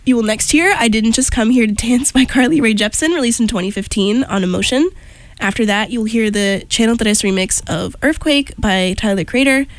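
A young woman hosts a college radio show, her voice stuffy and nasal from allergies. She back-announces songs in a chatty way, then reads a public service announcement at a steady announcer's pace. The sound is dry and close, with the room adding almost nothing. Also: fairly high pitch, fairly quick, no echo.

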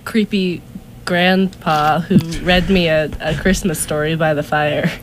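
A woman chatting on a college radio show, talking slowly and deliberately with an amused tone. There is clear background noise behind her voice. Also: low voice, fairly even intonation. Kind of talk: casual studio banter.

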